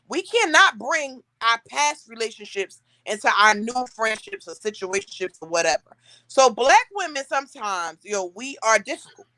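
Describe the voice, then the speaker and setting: Woman, high voice, very animated, bright tone, dry close sound, casual storytelling. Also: no room sound. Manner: animated storytelling, acting out quotes. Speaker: podcast host. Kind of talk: casual chat.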